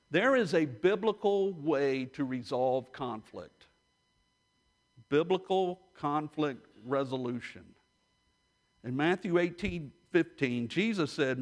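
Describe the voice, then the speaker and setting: A middle-aged man pastor giving an emphatic sermon, repeating key lines for emphasis. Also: on the high side.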